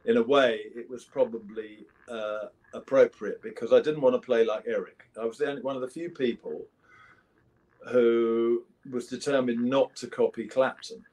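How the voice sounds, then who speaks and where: An English musician in his seventies chats casually as an interview guest, his mid-range voice steady, moderately paced, and a little mellow. His anecdotes ramble and are full of restarts.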